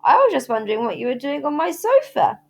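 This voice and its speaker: A woman's voice: high voice, very animated, fast, vocal fry, darkish tone, faint music behind, voice pushed up, heavily acted. A woman reading aloud, voicing an earnest, bookish young girl who speaks a little awkwardly. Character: thoughtful, earnest girl who loves books.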